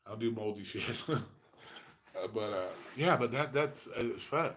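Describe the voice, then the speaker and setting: A man's voice: lowish voice, normal speed, fairly bright tone, slight background noise. Male host, forties, casual, foul-mouthed, rambling chat delivery. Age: 40s. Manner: profane, rambling storyteller.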